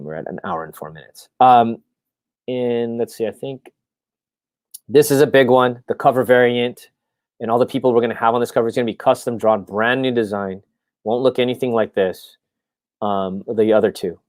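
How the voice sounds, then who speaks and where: A man with a fairly low voice hosts a casual live stream, rambling excitedly through his plans with plenty of ums and restarts. The sound is dry and close, with no room echo around him. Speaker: comic creator hosting a live stream.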